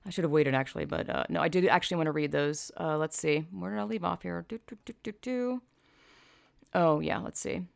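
A woman talks straight into the mic, her low voice rough with vocal fry. She comments bluntly and sarcastically and swears often. The sound is dry, with no room echo. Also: brisk. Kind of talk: opinion vlog commentary.

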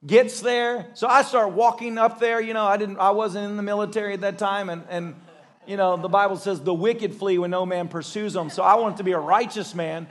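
A male pastor preaching a sermon, telling stories in an animated way and acting out the voices of the people in them. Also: sits high, fairly quick. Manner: animated storytelling with acted-out voices and laughter.

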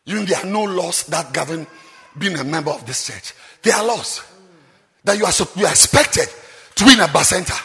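Brief: male preacher, very high and piercing, lively swooping delivery, long cathedral reverb. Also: fairly quick, gravelly. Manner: forceful, repeats rhetorical questions, bursts into shouts. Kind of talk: sermon. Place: large cathedral.

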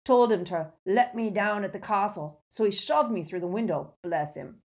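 A woman voicing a giant bearded gamekeeper who talks loudly in clipped, rough dialect. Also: medium pitch, moderate pace, close to an everyday voice. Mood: urgent. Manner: loud, clipped dialect speech.

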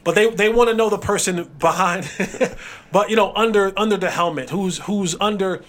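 A man's voice: high voice, moderate pace. A man hosting a podcast, asking questions in an easygoing, conversational way. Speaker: podcast host. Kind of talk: casual interview chat.

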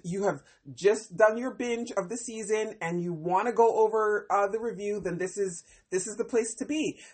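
Woman, podcast host, casual series review, animated, expressive, slightly husky, middle pitch. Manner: animated and expressive, exclaims and laughs often.

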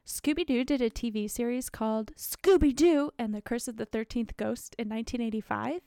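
A woman's voice: on the high side, a little fast, vocal fry, few pauses, mellow, clean tone, no room sound, studio quality. A young woman co-hosting a podcast, chatting casually and rambling with lots of fillers. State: has the hiccups. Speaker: podcast co-host. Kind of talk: casual chat.

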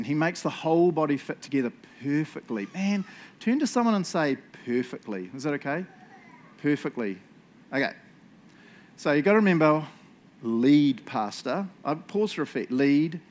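A man preaching a casual, jokey sermon as lead pastor, laughing often and tagging his lines with "eh?" and "right?". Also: medium pitch. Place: church hall. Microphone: handheld microphone.

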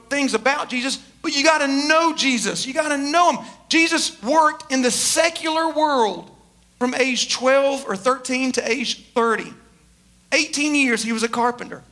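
A man preaching a sermon, telling stories in an animated, emphatic way. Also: very high voice.

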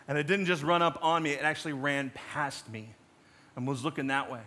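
A man delivers a sermon in a loose, conversational storytelling manner. His voice sits high and sounds bright and forward. He often drops into quiet, dramatic asides. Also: a little fast, a little hiss or hum. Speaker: pastor.

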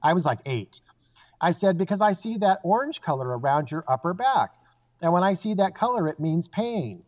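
Speaking at a moderate pace in a high register, this psychic guest spins casual stories and performs the voices of each person he quotes. The audio is dull and lo-fi.

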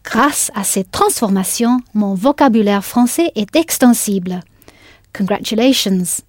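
In a scripted audio language lesson with clean studio sound and no room noise, a woman teaches patiently and encouragingly, spelling words letter by letter. Her mid-range voice has a darkish tone, and she's expressive at a normal speed.

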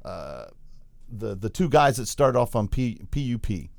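A man's voice: fairly low pitch, measured pace, gravelly, no room sound. A man hosting a podcast, telling a story in casual chat and acting out the quotes as he goes. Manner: animated storyteller, acts out quotes. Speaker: podcast host.

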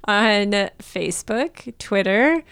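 A woman's voice: mid-range voice, animated, takes it slowly, gravelly, fairly bright tone, clean tone. A woman co-hosting a podcast who answers quiz questions between giggles. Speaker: podcast co-host. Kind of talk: casual podcast chat.

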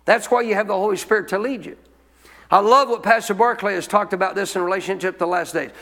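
A man's voice: sits high, fast, sharp tone, in a large hall. A male pastor preaching a sermon in a conversational way, often asking the congregation questions.

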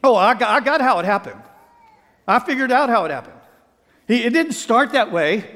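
A man's voice: very high-pitched, normal speed. A man preaching a sermon as pastor, telling stories with acted-out quotes and playful asides. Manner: animated storytelling, acts out quotes, playful asides. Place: church sanctuary. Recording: reverberant sanctuary sound.

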